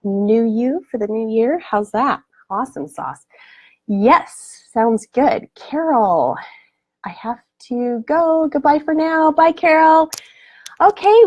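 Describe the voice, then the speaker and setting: Woman, spiritual coach, live stream chat with viewers, effusive, affectionate, fairly high voice, dry close sound. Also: a little mellow, breathy edge, no echo. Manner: effusive and affectionate, blows kisses.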